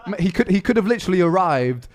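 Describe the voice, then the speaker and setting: A man's voice: high-pitched, sing-song, fast. A man, a music producer, tells a casual rambling anecdote with frequent restarts and swearing. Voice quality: rambling, self-correcting, swears freely. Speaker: music producer telling a story.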